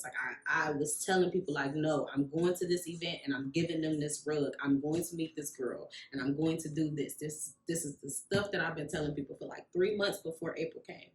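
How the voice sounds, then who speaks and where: A woman's voice: fairly low pitch, normal speed. A woman tells a long personal story in a casual vlog, acting out the voices of the people in it. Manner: animated storyteller, acts out quoted voices. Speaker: vlogger, rug maker. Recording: echoey room.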